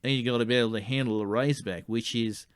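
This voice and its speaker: A man's voice: medium pitch, steady tone, quick pace, clear, resonant tone, dry recording, clean studio sound, lightly acted. A man playing a blunt, slangy male Australian outback guide in a comedy sketch, with an Australian accent, stammering when he gets worked up. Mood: matter-of-fact. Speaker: tour guide.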